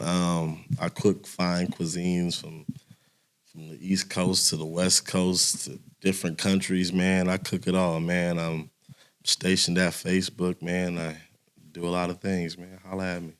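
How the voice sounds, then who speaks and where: A man's voice: low voice, a little slow, clear, resonant tone. A young adult man, a security worker and chef, chatting casually as a podcast guest and acting out quotes. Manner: animated, acts out quotes in raised voice. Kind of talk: casual storytelling chat.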